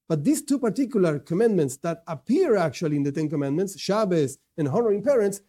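A man's voice: high voice, dark tone. A man teaching a religious lesson, emphatic, often repeating himself and correcting his words mid-sentence. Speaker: Torah teacher. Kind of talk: religious lesson to non-Jews.

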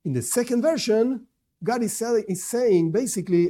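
A man's voice: high voice, normal speed, dark tone. Emphatic man teaching a religious lesson. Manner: emphatic, repeats phrases, self-corrects. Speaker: Torah teacher. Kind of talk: religious lesson to non-Jews.

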